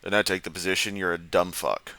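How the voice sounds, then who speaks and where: A man's voice: deep voice, level tone, brisk, pushed and bright, clean tone, no room sound. Sleepy guy rambling thru a reaction video, goes on tangents, dry close sound. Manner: rambling, goes off on tangents, laughs at his own jokes. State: sleepy, yawning. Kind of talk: casual reaction commentary.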